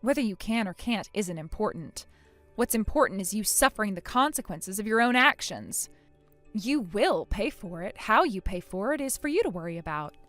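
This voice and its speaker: A woman's voice: mid-range voice, lively intonation, normal speed, a bit bright, no room sound, faint music behind, natural voice. A woman voicing a furious, injured young bride who speaks in a cold, scornful and firm way. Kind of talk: text-message story voice acting.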